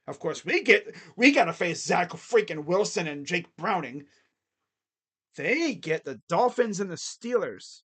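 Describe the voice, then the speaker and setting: Excitable man rambling over football picks. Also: sits high, a little slow, husky. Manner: rambling, excitable, thinks aloud. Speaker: sports picks channel host. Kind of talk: casual football picks talk.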